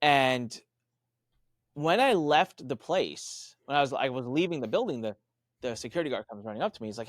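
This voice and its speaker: Man, podcast guest, animated storytelling, mid pitch, dry close mic, fillers and restarts. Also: normal speed, dry recording. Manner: animated, acts out quoted voices with big pitch jumps. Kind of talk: storytelling in an interview.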